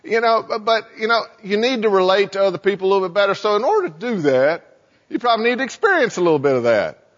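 A man voicing a smooth-talking male devil who coaxes someone toward sin, in a church sanctuary. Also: high voice, sing-song, fast talker. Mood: flattering. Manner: wheedling, coaxing. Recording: echoey hall, dull sound.

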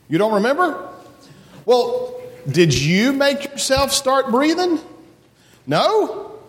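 A man's voice: extremely high pitch, huge pitch swings, slow, in a large hall. A man giving a children's message in church, asking children playful questions and leading a prayer. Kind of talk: children's sermon. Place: church sanctuary.

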